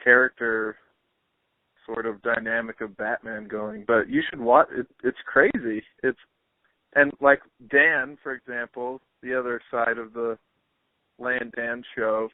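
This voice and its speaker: A man's voice: medium pitch, expressive, measured pace, dry recording. A man hosting a podcast, chatting in an easygoing way with lots of fillers. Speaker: podcast host. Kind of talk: casual interview chat. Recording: dry, tinny phone-like line.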